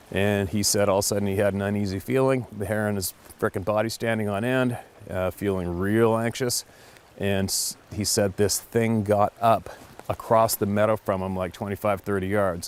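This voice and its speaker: A man casually telling a personal story in a blunt, profane, lively way. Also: on the low side. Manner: blunt, profane, animated retelling. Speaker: storyteller host.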